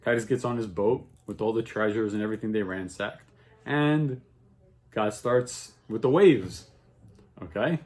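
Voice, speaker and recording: A man's voice: on the low side, measured pace. Man teaching a casual religious class. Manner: checks in with "okay?" and "right?" constantly; animated storytelling, voice rising with excitement. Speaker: Torah teacher.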